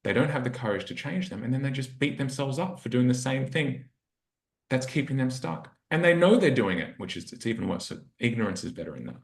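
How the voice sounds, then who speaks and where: During a podcast interview, a relationship coach recounts something from his own life, reflective and earnest, voicing his inner dialogue aloud. He speaks a little fast in a sing-song, medium-pitched voice with vocal fry, and the room echoes noticeably.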